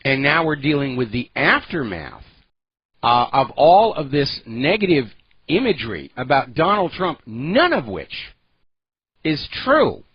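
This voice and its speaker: A man's voice: medium pitch, sing-song, measured pace, breathy edge, no echo, muffled recording. A man hosting a political talk radio show, delivering an opinionated, sarcastic monologue with heavy emphasis.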